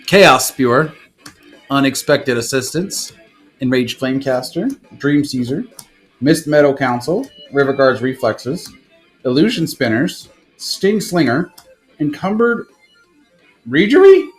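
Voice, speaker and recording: A young man on a live stream, casually opening card packs and rattling off card names, with bursts of excitement. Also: mid-range voice, a little slow, soft background music.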